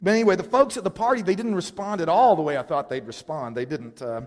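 A man preaching a sermon, telling a story in an animated, self-deprecating way. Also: sits high, quick pace, big-room sound. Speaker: pastor.

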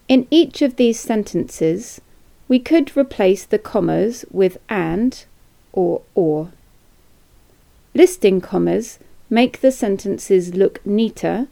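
A woman teaches on a podcast, reading each example slowly and deliberately. Her voice is mellow and dark, with a gravelly fry at the ends of phrases. She speaks at an unhurried, careful pace. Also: medium pitch. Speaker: English teacher. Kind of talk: scripted podcast lesson.

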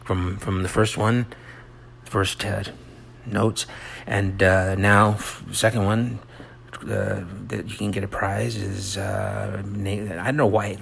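A middle-aged man talks in a rambling personal monologue, his low voice rough with a gravelly edge. He stops and restarts, mocks himself, and keeps slipping into quiet whispered asides. A faint hum of ambient noise sits behind him. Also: flat delivery. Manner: halting, self-mocking, drops into soft whispered asides. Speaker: monologue host.

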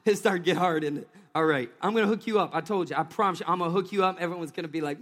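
A man preaching a lively sermon from a church stage, joking with volunteers between points. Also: sits high, quick pace, big-room sound. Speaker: pastor.

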